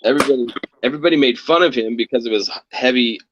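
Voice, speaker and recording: A man's voice: mid-range voice, racing. Rambling man chatting on a stream. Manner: rambling, swears then apologizes. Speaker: guest on a livestream. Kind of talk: casual chat. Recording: dull lo-fi stream audio.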